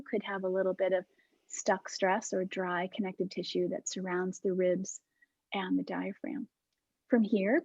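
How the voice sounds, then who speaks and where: Soft-spoken woman leading a class. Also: medium pitch, dry recording, muffled recording. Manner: calm, soft-spoken cueing with breathy demonstrations. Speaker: movement class instructor. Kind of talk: guided exercise class over video call. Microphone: video call.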